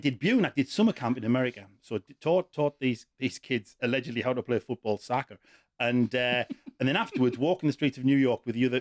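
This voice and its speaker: A man, a podcast guest, telling self-mocking anecdotes in a casual, animated way. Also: medium pitch. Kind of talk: casual storytelling.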